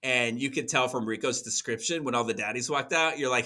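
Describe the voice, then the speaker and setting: A man co-hosting a podcast in easygoing conversation. His voice is bright and forward, and he talks in loose, rambling runs full of restarts. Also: medium pitch, brisk. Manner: chatty, laughing, rambling with restarts. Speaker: podcast co-host. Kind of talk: casual chat.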